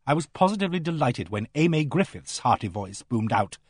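A man narrating a novel in the first person with a measured, expressive reading. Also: mid-range voice, slightly rough, dry recording, clean studio sound. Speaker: audiobook narrator.

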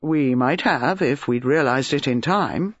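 A man playing a charming, outspoken, rather boastful gentleman with a dry, blunt way of talking. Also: fairly high pitch, expressive, moderate pace. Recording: dull lo-fi recording.

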